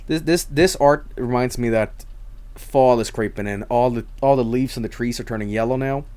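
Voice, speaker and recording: A man's voice: medium pitch, normal speed, darkish tone. Guy streamer rambling away, lots of swearing and stumbling restarts. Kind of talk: casual stream chat.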